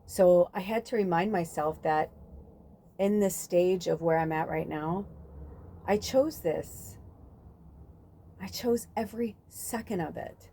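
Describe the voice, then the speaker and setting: A woman's voice: on the low side, slow, pauses often, warm tone, a little hiss or hum. A woman hosting a spiritual podcast, talking in a casual, rambling monologue full of fillers and the odd swear word.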